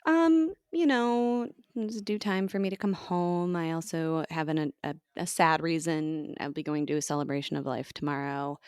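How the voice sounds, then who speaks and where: A young woman with an American accent and a low voice chats playfully with her co-host. Her sound is close and dry, with no room around it, and her delivery stays laid back. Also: fairly even intonation, normal speed, few pauses, a little mellow, smooth, dry recording. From United States. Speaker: podcast co-host. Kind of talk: casual chat.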